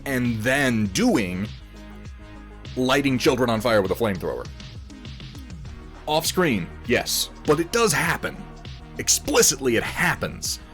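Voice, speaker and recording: A man's voice: medium pitch, a bit bright. A man hosting a casual livestream while painting miniatures, rambling, laughing often and swearing freely.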